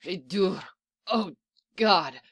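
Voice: medium pitch, animated, drawn-out words, a bit bright, breathy edge, heavily acted. A reader voicing a tired, profane clone soldier captain who bickers with his commander in a told story. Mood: breathless, teasing. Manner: swears a lot, blunt and scrappy. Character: weary soldier clone man, profane, teasing.

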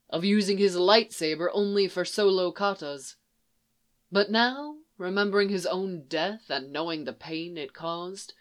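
A narrator reading a story aloud in a soft, measured way. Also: medium pitch. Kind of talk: audiobook reading of fan fiction.

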